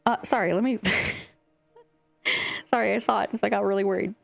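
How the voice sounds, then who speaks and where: Young woman streamer rambling to chat, swears a bit, quiet music under her. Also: medium pitch, fairly even intonation, moderate pace, creaky, dry recording. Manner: chatty, scattered, swearing, talking to chat. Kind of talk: casual live-stream chat. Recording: faint music behind.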